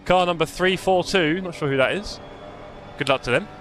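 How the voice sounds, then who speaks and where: A man's voice: fairly high pitch, normal speed, fairly bright tone. A man, live-streaming a sim race with chatty, jokey commentary and muttering while he adjusts his car setup.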